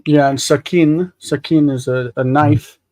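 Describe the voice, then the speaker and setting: Man explaining Hebrew grammar, mellow voice. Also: on the high side, steady tone, no room sound. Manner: explains grammar step by step, slow over Hebrew words. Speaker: co-host reading biblical Hebrew. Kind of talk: casual study discussion. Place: home studio, live stream.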